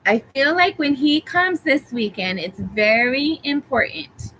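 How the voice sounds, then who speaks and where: A woman giving a tarot reading, calmly reassuring the listener with affirmations and rambling a little as she talks. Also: sits high, measured pace, slight background noise, low-quality recording. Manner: rambling, with fillers and restarts. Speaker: tarot reader. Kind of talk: live tarot reading for a viewer.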